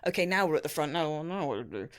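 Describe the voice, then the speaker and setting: Lively chatty woman podcast co-host. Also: low voice, very fast. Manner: chatty, lively, laughs often. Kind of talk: casual podcast chat.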